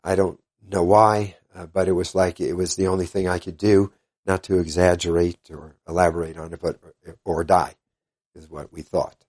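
An older man, a guest in an interview, earnestly retelling events in a halting way and quoting what others said. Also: low-pitched, flat delivery, darkish tone. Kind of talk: casual storytelling interview.

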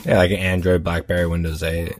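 A man's voice: deep voice, little pitch movement, fairly quick, soft background music. A man co-hosting a podcast, explaining things in a plain, matter-of-fact way. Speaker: podcast co-host. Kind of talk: casual chat.

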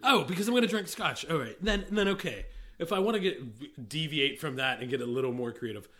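A man's voice: a little high, animated, a little fast, fairly bright tone. Rambling middle-aged man in casual chat. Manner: rambling, self-interrupting, laughs easily. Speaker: podcast co-host, whiskey industry veteran.

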